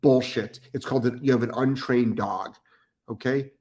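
A man's voice: mid-range voice, fairly even intonation, moderate pace, darkish tone. Middle-aged guy ranting about dog training on a stream, blunt, cusses a lot, says stuff twice. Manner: blunt, swears, repeats himself for emphasis. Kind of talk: ranting live stream, reading chat comments.

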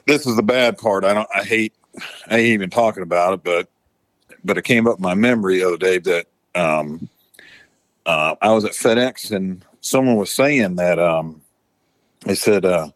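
Guy, lowish voice, swears a lot, keeps restarting his sentences, dry close sound. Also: a little slow, pauses often, no room sound. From Florida Panhandle, US. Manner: rambling, profane, many fillers and restarts. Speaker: former tow truck driver. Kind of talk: casual storytelling.

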